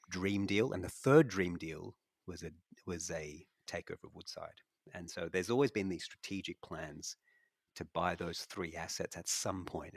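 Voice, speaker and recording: Low gravelly Australian man, podcast chat. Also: no room sound, studio quality. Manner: rambling, many restarts and fillers. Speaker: investment analyst co-host. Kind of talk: casual podcast discussion.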